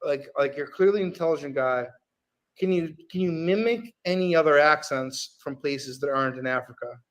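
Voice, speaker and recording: A man's voice: on the high side, normal speed, a bit bright, low-quality recording. A man hosting a casual stream chat, prodding his guests with playful questions.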